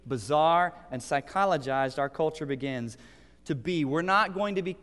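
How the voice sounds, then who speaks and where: Male pastor, 30s, earnest and emphatic sermon delivery; resonant, slightly high voice with long hall reverb. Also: normal speed, fairly bright tone. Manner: earnest, building to emphatic preaching. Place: church sanctuary.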